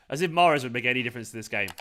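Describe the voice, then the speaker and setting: A tired, hungover fan channel host with a medium-pitched, slightly bright voice runs a live football watchalong. Frustrated, he swears often and talks back to his chat.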